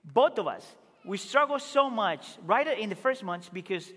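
High-voiced preacher man in a reverberant hall. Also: expressive, normal speed. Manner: earnest preaching, rising to emphatic exclamations and dropping to quiet asides. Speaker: pastor. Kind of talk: sermon. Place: church sanctuary.

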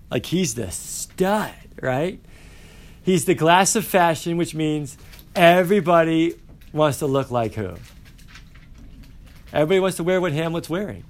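A man's voice: a little high, unhurried. Playful man lecturing a class. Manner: animated, playful, asks the class questions. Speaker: high school teacher.

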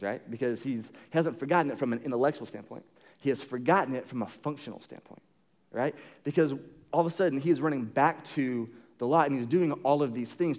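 A man's voice: medium pitch, darkish tone. A young adult man preaching a sermon as a pastor, conversational and jokey, full of fillers and restarts. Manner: jokey storytelling.

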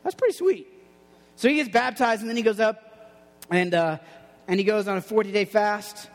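Speaking at a moderate pace in a high voice, a youth pastor delivers a relaxed, playful sermon for young listeners. He leans on storytelling and performs other people's lines, all heard through long hall reverb.

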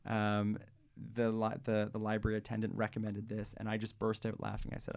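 A man's voice: lowish voice, monotone, brisk, gravelly, darkish tone. A man co-hosting a radio show, chatting casually with lots of fillers and restarts. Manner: hesitant, many fillers and restarts. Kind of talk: casual chat and reading aloud.

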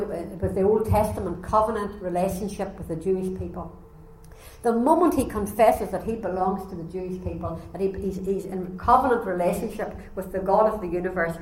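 A woman preaching a sermon, telling a story with animated delivery and acting out the voices. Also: mid-range voice. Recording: echoey room, faint ambience.

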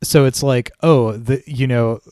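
A man's voice: mid-range voice, unhurried, darkish tone, clear, resonant tone, no room sound, clean studio sound. A man co-hosting a casual discussion podcast, laying out his analysis with hedges and fillers. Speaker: podcast co-host.

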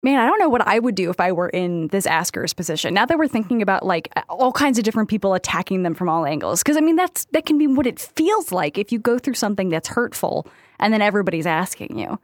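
A woman's voice: mid-range voice, sing-song, quick pace, dry recording, clean studio sound. A woman co-hosting a casual advice podcast, rambling with lots of fillers and frequent laughs. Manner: chatty, rambling, many likes, laughs often. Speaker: podcast co-host.

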